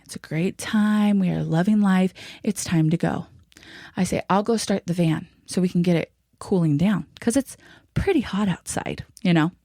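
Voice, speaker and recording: A young woman tells a personal story on her podcast in a casual, chatty way. She acts out every quoted line, and her voice leaps high when she plays her own alarm. The sound is dry and close, with no room around her. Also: no echo. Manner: animated, acts out quoted lines with big pitch jumps. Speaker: podcast host.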